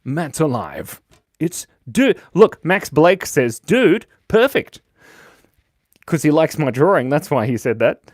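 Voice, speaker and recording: A man's voice: a little high, big pitch swings, slow pace, a little mellow, no echo, clean studio sound. A man with an Australian accent hosting a live drawing stream for kids, playful and jokey as he reads viewer comments aloud. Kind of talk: casual livestream chat.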